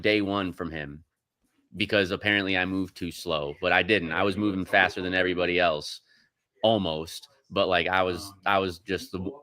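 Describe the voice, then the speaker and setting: A man's voice: low voice, pushed and bright, dry recording. A man on a podcast, rambling through profane, restart-filled stories as a Marine veteran in casual chat.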